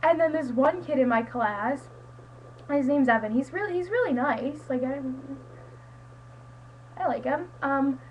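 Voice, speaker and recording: A woman's voice: high-pitched, expressive, a little slow, pauses often, highs cut off, a little hiss or hum. A teenage girl chatting casually to a friend on her webcam, rambling with lots of "like" and "um". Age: teens. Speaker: student vlogger. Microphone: webcam mic.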